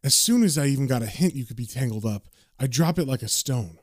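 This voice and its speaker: A man voicing a cynical, sardonic British occult investigator from a comic, read aloud in a lowered casual voice. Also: animated, fast talker, a little mellow, no echo, studio quality, natural voice.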